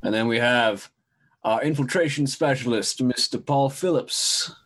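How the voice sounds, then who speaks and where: A man acting as game master narrates a tabletop role-play, introducing the characters in a relaxed, halting way. His voice is mid-range and a bit bright.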